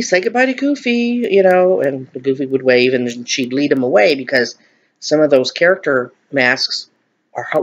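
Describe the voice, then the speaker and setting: In a chatty mukbang vlog, a middle-aged man eats on camera and talks to viewers, rambling and laughing as he goes. His voice sits in the mid-range, and the sound is lo-fi.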